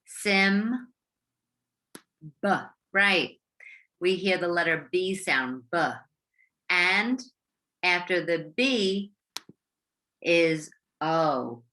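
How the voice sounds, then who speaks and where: Female teacher, American accent, bright and lively delivery, unhurried phonics lesson for young kids. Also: on the low side. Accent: American English. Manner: encouraging, stretches out sounds and syllables. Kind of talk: slow, clear classroom instruction for young learners.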